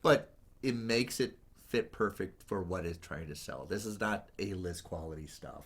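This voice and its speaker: A man co-hosting a casual film review chat, animated and jokey, laughing often as he talks. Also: deep voice, moderate pace, husky. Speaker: film podcast co-host.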